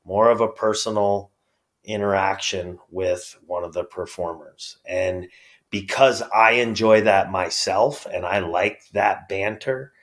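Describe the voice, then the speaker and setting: Man, new york accent, very low voice, easygoing, halting phrases, interview guest. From upstate New York. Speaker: guest, pro wrestler. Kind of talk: casual interview chat.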